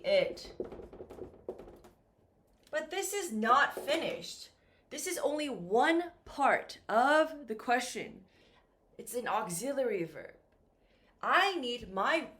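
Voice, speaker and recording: A woman with a fairly high, very lively voice gives a beginner English lesson. She speaks slowly and carefully, stretching her intonation up and down so learners can follow. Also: a little hiss or hum. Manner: slow, clear, exaggerated intonation for learners. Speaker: English teacher. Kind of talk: slow beginner ESL lesson.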